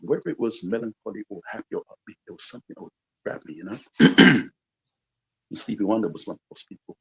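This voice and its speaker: A man's voice: fairly low pitch, big pitch swings, quick pace, creaky, slightly rough, low-quality recording. A man from London with a slight American twang in his accent, a musician guest chatting reflectively in a radio interview, rambling with lots of "you know" and "like". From London, England. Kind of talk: casual radio interview chat.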